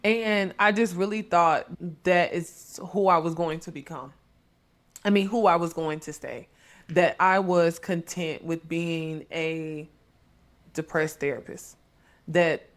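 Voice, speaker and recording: Female therapist-host, lower register; earnest, heartfelt conversational delivery. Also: slow pace. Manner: earnest, conversational, addresses listeners as y'all. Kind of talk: heartfelt podcast talk.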